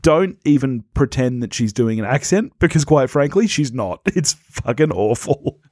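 A man co-hosting a podcast, giving blunt, animated opinions on a film and laughing easily. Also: medium pitch, moderate pace, husky, no room sound, studio quality. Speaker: podcast co-host. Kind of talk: casual film review chat.

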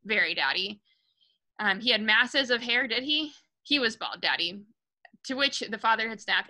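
A woman's voice: on the high side, animated, moderate pace, bright, forceful tone, rough recording. A woman reading a children's novel aloud to a book club, casual and unpolished, stumbling and correcting herself now and then, lifting her voice for the characters' lines. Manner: raises her voice for quoted lines.

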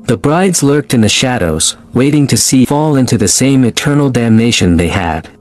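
A man narrating a scripted horror story in a measured, dramatic way. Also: mid-range voice, expressive, a little mellow. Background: faint music.

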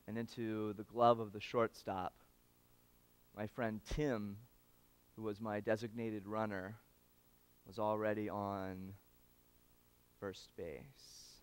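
A man giving a storytelling speech at an awards event, animated and swinging between loud and hushed moments, talking straight to the audience. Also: fairly low pitch, smooth, dry recording. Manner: addresses the audience directly.

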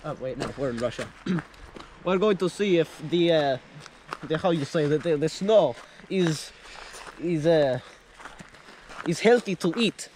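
A man's voice: a little high, expressive, unhurried, pauses often, a little mellow, slight background noise. A young man playing a goofy tour guide with a fake Russian accent, hesitant and hamming it up, outdoors in the snow. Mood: hammy.

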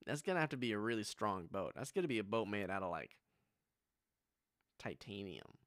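A man's voice: lowish voice, big pitch swings, fairly quick, fairly bright tone, no room sound, clean studio sound. A young man with a Southern US accent, streaming a casual music reaction with joking, rambling asides. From United States.

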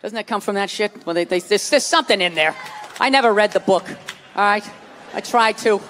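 A man's voice: high-pitched, brisk. A man doing a stand-up comedy set, ranting in a profane, exasperated way with mocking asides. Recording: live club set with loud crowd noise. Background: audience laughter.

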